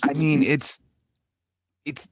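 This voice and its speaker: A man hosting a casual panel discussion, measured and hesitant, with frequent fillers. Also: fairly high pitch, little pitch movement, slight background noise. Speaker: panel host.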